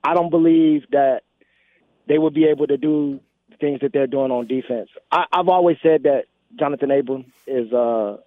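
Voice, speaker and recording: A man's voice: mid-range voice, no room sound. A man calling in to a sports radio show, casually giving his pick for a surprise player. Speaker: caller. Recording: dry tinny phone line.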